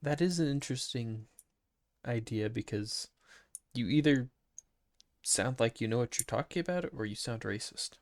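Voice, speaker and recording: A young man co-hosting a podcast in casual chat, tossing off dry joking remarks at an even middle pitch. His voice sits close to the mic in a very dry, dead-sounding space. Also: moderate pace, long pauses, dry recording. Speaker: podcast co-host.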